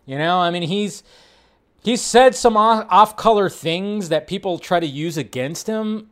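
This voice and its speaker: A man's voice: fairly high pitch, expressive, normal speed. A middle-aged man casually chatting on his live movie show, rambling with restarts and talking to his chat.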